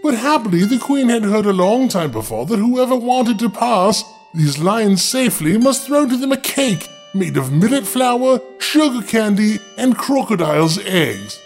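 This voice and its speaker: A man's voice: high-pitched, normal speed, few pauses, faint music behind. A man hosting a show, reading a fairy tale in a dramatic way and breaking off into wry, joking asides. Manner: playful, wry, expressive. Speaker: storyteller host.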